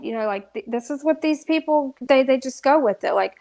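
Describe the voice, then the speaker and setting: A woman's voice: high-pitched, fairly quick, creaky, few pauses, darkish tone, faint music behind. A woman ranting through live commentary, exasperated and restarting often. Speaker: drama commentary streamer.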